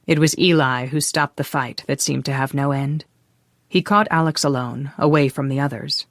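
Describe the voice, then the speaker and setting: An audiobook narrator reading a romance novel in an even, measured way. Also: medium pitch, no room sound, clean studio sound. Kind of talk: scripted narration.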